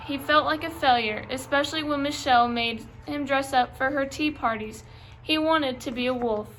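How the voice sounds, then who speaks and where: Young woman, high voice, reading a picture book aloud to kids with careful pacing. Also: moderate pace, a bit bright, slight background noise, rough recording. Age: young adult. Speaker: reader. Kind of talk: children's story reading.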